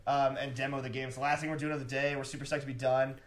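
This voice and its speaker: A man's voice: mid-range voice, level tone, racing. Wry joking man in an echoey room. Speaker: guest. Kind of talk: casual podcast chat. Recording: roomy echo.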